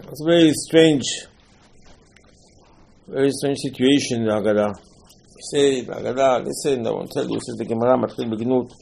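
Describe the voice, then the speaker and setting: A Torah teacher delivers an animated Passover sermon, packed with rhetorical questions and repeated phrases. His voice is medium-pitched and gravelly with a breathy edge.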